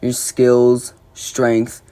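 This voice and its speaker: A man doing a slow, menacing alien warlord. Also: medium pitch, monotone, mellow, smooth. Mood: lecturing. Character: towering alien male warlord, cold and menacing.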